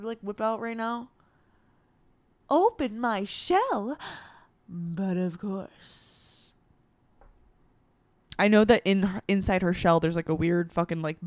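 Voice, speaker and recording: A woman's voice: on the high side, a bit bright, dry recording. A woman in her twenties, talking in a playful, rambling, swearing comedic monologue. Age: 20s. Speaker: vlogger.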